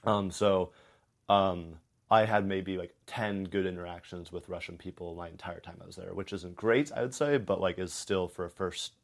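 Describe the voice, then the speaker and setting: A man's voice: sits low, moderate pace, vocal fry. A young man from Ohio, an interview guest, talking casually with lots of fillers and laughter. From Columbus, Ohio. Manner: rambling, laughs often, many fillers.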